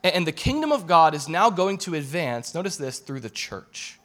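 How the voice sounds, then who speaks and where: Animated preaching man, slightly high voice. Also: moderate pace. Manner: animated preaching, repeats phrases for emphasis, casual asides. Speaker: pastor. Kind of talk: sermon.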